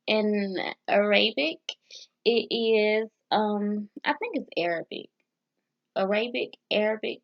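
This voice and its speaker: Slow, halting woman on dull lo-fi audio. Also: mid-range voice. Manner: slow, halting, sounding out foreign words with restarts; nervous, self-deprecating asides. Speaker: vlogger. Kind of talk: casual language practice vlog. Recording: dull lo-fi sound.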